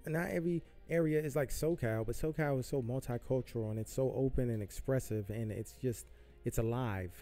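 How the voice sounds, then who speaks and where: A man's voice: medium pitch, a little fast, mellow, faint music behind. A man hosting a podcast, ranting heatedly about politics with lots of profanity and repetition. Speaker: podcast host. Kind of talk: political rant. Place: Southern California.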